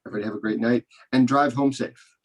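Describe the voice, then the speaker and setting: A man's voice: medium pitch, fairly even intonation, fast. A man hosting a comedy show over a video call, wrapping up in a rambling, hesitant way with many restarts. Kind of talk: casual hosting, closing remarks.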